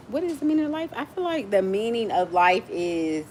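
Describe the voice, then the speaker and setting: A woman of forty from Miami, chatting fast and playfully with viewers as host of her own livestream. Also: mid-range voice, very animated, darkish tone, a little hiss or hum. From Miami, USA. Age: 40s. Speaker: livestream host, nonprofit founder. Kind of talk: casual livestream chat with viewers.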